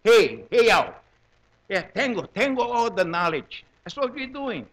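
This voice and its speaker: A man in his seventies with a Hawaiian Pidgin English accent, giving a lively, joking talk to a gathering and repeating words in quick bursts. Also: sits high. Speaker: presenter at a community gathering.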